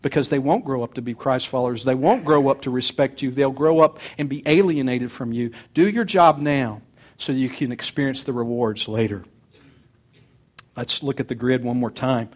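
A man's voice: medium pitch, normal speed. An older man, a pastor, preaching a sermon to parents in an earnest, folksy way, mixing homespun stories from his own family with plain advice.

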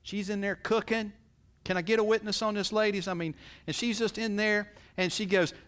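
A pastor with a clean-toned voice and fairly even intonation preaches at a moderate pace. His sermon is folksy and conversational, and he often acts out what people say with swings in pitch and loudness.

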